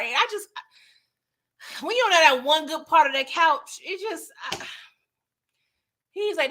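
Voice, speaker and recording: A woman hosting a casual late-night livestream, reading chat comments aloud, animated and laughing often, with a slangy, playful manner. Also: on the high side, brisk, long pauses.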